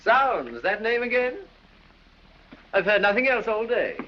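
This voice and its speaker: An actor playing a silly, foppish English aristocrat dandy who drawls, giggles and dithers, in 1930s film acting. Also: male voice, high-pitched, very animated, unhurried. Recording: dull old film soundtrack with hiss.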